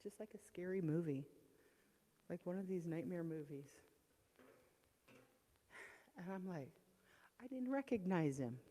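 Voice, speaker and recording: A middle-aged woman speaks with a warm, mellow voice as she shares a painful testimony in a church sanctuary. She stops and restarts often, dropping to near-whispers and then rising to loud, strained outbursts. Her words ring with the long reverb of a large church hall. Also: lowish voice, lively intonation. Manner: voice swinging from hushed to loud and strained; halting, with restarts. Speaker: church member giving a testimony. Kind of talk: emotional personal testimony.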